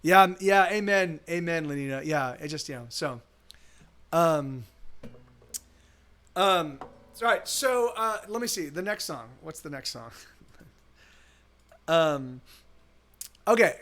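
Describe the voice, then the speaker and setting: A musician talking casually between songs on a live stream, halting, restarting often, quiet and subdued. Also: male voice, fairly high pitch, lively intonation. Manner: halting, many restarts and fillers. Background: guitar playing.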